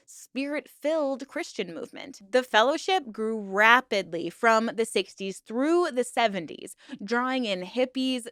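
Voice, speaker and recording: A woman's voice: on the high side, fairly bright tone, no echo, clean studio sound. An upbeat woman hosting a video series, mixing scripted documentary narration with playful, self-joking chat to viewers. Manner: upbeat, playful, jokes about herself. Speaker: true-crime and cult video host.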